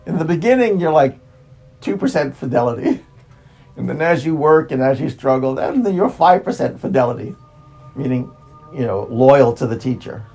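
A man's voice: medium pitch, lively intonation, darkish tone, soft background music, low-quality recording. A man speaking as a spiritual teacher in an unscripted talk, repeating himself, restarting phrases and drawing out words. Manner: repetitive, with frequent restarts and drawn-out words.

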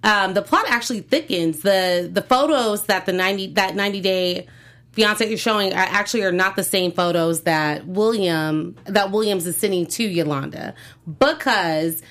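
Woman, co-host, mid-pitched, chatty, gossipy news talk. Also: normal speed, a bit bright. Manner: chatty, hedging with fillers and laughs. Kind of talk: casual entertainment news chat.

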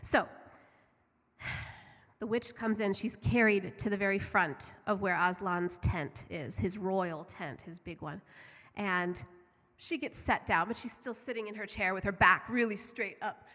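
A woman's voice: medium pitch, unhurried, pushed and bright. Earnest woman preaching in a reverberant hall. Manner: earnest, fervent, conversational. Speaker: church speaker. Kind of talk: storytelling sermon.

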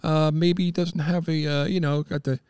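Long island guy, middle-aged, telling excited stories, bit high voice, dry close sound. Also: normal speed, smooth, no room sound. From Long Island, New York. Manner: excitable, jumps into high-pitched impressions of people. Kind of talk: casual storytelling chat.

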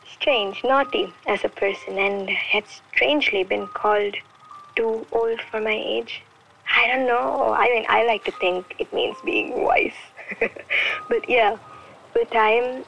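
A young woman from India, a podcast host and poet, talking candidly and reflectively about growing up, with soft music behind her. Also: mid-range voice, creaky, low-quality recording. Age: young adult. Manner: candid, musing, with soft laughs. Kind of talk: reflective personal talk.

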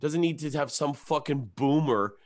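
A young adult man, a comedian, chatting casually on a podcast, swearing freely and jumping into high mocking voices when he quotes people. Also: moderate pace.

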